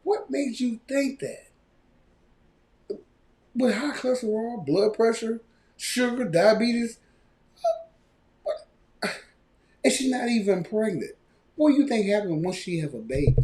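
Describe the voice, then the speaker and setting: A man hosting a live podcast, ranting loudly and mockingly. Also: high-pitched, a little slow, pauses often. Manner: loud, animated ranting with mocking quoted voices. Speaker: podcast host.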